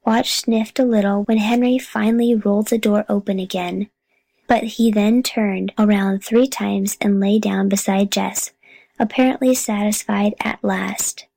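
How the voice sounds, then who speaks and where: A woman narrating a children's chapter book in a calm, steady reading voice. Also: medium pitch, measured pace, vocal fry, no room sound, low-quality recording. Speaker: audiobook reader. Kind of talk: storybook narration.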